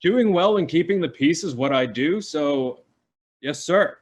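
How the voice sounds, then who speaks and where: A man voicing a swaggering male guard in a tabletop game. He is self-important and full of himself, and he talks a little higher and louder than usual. Each reply is a brag. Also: animated, unhurried. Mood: smug. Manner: boastful, swaggering.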